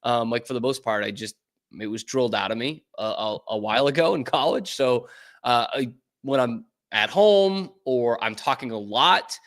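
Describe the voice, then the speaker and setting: A young man from the Boston area with a mostly suppressed Boston accent, hosting a sports talk show in animated, opinionated casual chat. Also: medium pitch, normal speed. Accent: mild Boston, mostly suppressed. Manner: animated, opinionated, lots of fillers.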